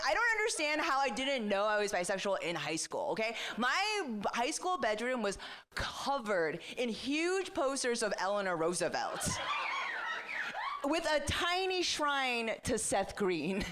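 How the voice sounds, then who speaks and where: Lively self-deprecating woman doing stand-up. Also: on the high side, moderate pace, slight background noise. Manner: chatty, self-deprecating, with frequent "like" fillers. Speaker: stand-up comedian. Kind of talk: stand-up comedy set. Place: comedy club stage with a live audience.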